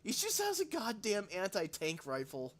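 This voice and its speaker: A man's voice: high voice, normal speed. A man livestreaming and reacting to game trailers, swearing freely and laughing often. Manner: profane, excitable, laughs a lot. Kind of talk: live reaction commentary.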